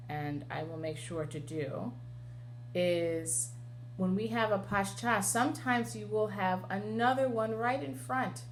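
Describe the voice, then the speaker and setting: A woman cantor with a lowish voice teaches Torah chanting from home in an online lesson, explaining step by step and singing the trope names in short sung phrases as examples. A dishwasher runs nearby, adding slight background noise.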